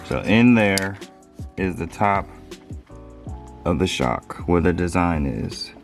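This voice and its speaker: A man's voice: deep voice, animated, slow pace, gravelly. A man giving a casual, chatty how-to walkthrough for his car channel, talking loosely while he works with his hands and films on a handheld phone. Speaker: car DIY vlogger. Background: music playing.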